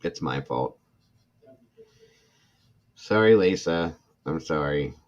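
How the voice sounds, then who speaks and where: A man's voice: extremely low pitch, animated, slow. A middle-aged man hosting a true crime livestream, ranting with indignant passion, reading comments from chat and apologizing between outbursts. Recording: dull lo-fi sound.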